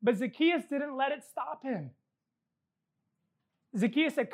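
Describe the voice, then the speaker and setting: High-voiced woman preaching emphatically. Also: animated, takes it slowly, pauses often. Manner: emphatic preaching with repeated phrases and joking asides. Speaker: pastor. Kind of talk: sermon.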